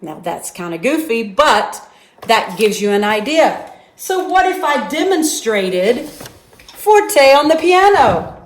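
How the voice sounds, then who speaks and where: A woman teaching a children's music lesson, slowly sounding out terms and singing examples at different volumes. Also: on the high side, very animated. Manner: slow, clearly enunciated teaching voice. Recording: echoey room.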